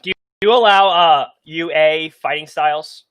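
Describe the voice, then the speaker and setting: A man taking part in a tabletop game, chatting and asking the game master halting, joking questions. His voice is high and bright. The sound is dry and close, with no room around it. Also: no room sound. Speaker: player. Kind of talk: casual chat at a gaming table.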